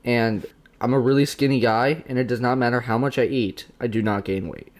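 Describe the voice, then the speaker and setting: A young man hosting his own livestream, speaking candidly and haltingly, with many restarts. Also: medium pitch, steady tone. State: tearful, emotional. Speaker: channel host being interviewed. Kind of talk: casual livestream chat.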